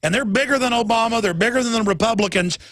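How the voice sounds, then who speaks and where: A man's voice: very high-pitched, quick pace, a bit bright, dry recording. A man hosting a call-in talk radio show, ranting in an emphatic, rambling way.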